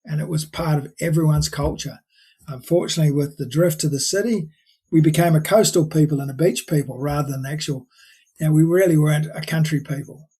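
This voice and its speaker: A man's voice: on the high side, brisk, dark tone, breathy edge. An older man, a podcast guest chatting and telling stories in a rambling way, full of restarts. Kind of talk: casual storytelling chat.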